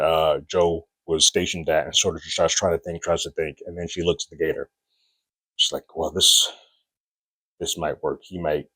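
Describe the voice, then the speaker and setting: A man's voice: low voice, no room sound. A man casually recapping and reviewing a TV episode, telling the story loosely and jumping into a raised voice to act out what characters say. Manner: loose, chatty storytelling, acting out quotes in a raised voice. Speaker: podcast reviewer.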